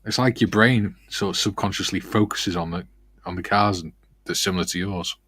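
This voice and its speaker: A man's voice: sits low, a little fast, fairly bright tone, slightly rough, no room sound. A man co-hosting a model-building stream, chatting casually and reading out viewer comments, laughing easily.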